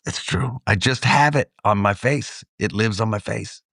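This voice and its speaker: A middle-aged man from Texas, a podcast co-host telling a story in a casual way, animated and laughing often. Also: lowish voice, normal speed, vocal fry, no echo. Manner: animated, acts out voices in anecdotes, laughs often. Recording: dry close studio mic.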